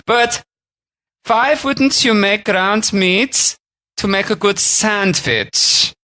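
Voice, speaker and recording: A man's voice: sits high, drawn-out words, sharp tone, voice pushed up, full character voice. A man doing an old German butcher voice. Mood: coaxing.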